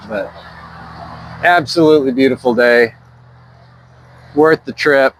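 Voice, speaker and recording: A man of ordinary pitch talks slowly and loosely, narrating a casual vlog. His relaxed, unhurried musing comes through a small clip-on microphone. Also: rough recording. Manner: slow, relaxed, unscripted musing. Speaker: vlogger. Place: in a vehicle and outdoors with machinery.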